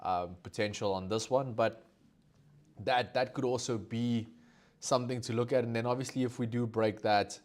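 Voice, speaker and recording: A man's voice: medium pitch, fairly even intonation, normal speed. A South African man hosting a live market analysis stream, talking casually with many fillers and asking viewers to comment. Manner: conversational, lots of fillers, asks viewers for comments.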